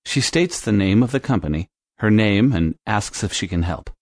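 A man narrating a scripted English lesson, explaining phone phrases in a clear, measured way. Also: on the low side, animated, no echo, clean studio sound. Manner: clear, measured instructional delivery. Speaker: language teacher.

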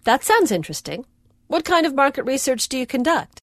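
A woman's voice: high-pitched, big pitch swings, brisk, no echo, clean studio sound. A woman reading a friendly, casual dialogue part in a language-lesson recording.

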